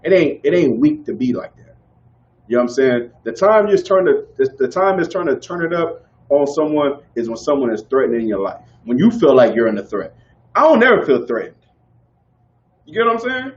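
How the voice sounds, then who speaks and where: A man teaching a group in casual preaching style, animated and conversational, often asking whether listeners follow. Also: medium pitch, brisk, highs cut off. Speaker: street teacher.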